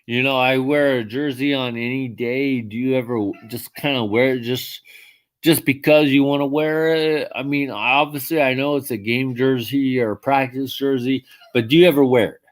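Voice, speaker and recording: A drunk man hosting a livestream, loud and profane, laughing with his callers. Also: medium pitch, steady tone, moderate pace. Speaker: host. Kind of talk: livestream chat.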